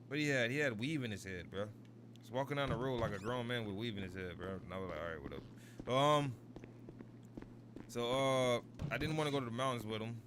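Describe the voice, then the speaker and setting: Male streamer, 30s, low voice, casual and rambling, with noisy game sound underneath. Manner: rambling, repeats "you feel me" constantly. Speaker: gaming streamer. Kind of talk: casual storytelling over gameplay.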